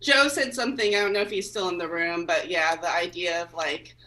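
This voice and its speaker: Woman stand-up, rambling and hesitant, bright voice, heard from a distance. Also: on the low side, fairly quick. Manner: rambling and hesitant, lots of ums. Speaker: stand-up comic. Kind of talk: stand-up set at an online open mic.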